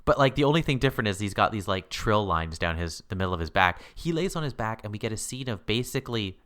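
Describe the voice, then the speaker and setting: A man co-hosting a podcast in casual chat, animated and laughing often, jumping high when he quotes himself. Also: fast. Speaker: podcast co-host.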